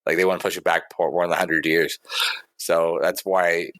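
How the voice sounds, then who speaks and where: A man with a very deep voice, co-hosting a podcast in a rambling, hesitant way, thick with pauses and fillers. The sound is close and dry. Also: flat delivery, a bit bright, no echo. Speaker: podcast co-host. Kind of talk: casual chat.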